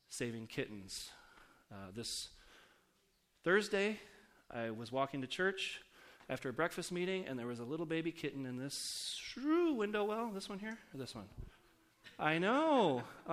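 A man's voice: medium pitch, fairly bright tone. Conversational man preaching a sermon. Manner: conversational, asks the audience questions. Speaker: pastor. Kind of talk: sermon with storytelling.

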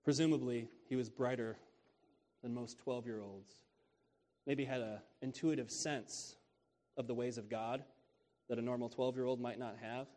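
A man's voice: medium pitch, steady tone, normal speed, long pauses, darkish tone. A man preaching a sermon on scripture in a casual, conversational way, repeating key phrases and often asking "right?".

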